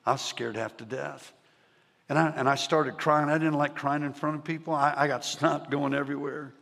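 Guy preaching his life story to a crowd, kinda high and punchy voice, big echoey church hall. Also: moderate pace, creaky. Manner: animated, swings from shouting to hushed. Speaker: preacher giving his testimony. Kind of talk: storytelling sermon to a live audience. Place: large church hall with audience. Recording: reverberant hall sound.

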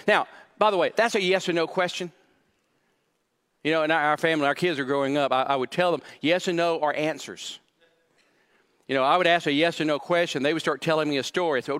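A male pastor preaching a sermon, emphatic and repeating key phrases, swinging from hushed to loud. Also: high voice, fairly quick.

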